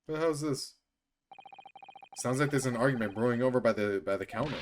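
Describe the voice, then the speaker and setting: A man reacting and commenting as a streamer playing a story game, excited and swearing. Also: medium pitch, quick pace, long pauses. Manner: animated, reacts loudly and swears. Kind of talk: let's-play commentary.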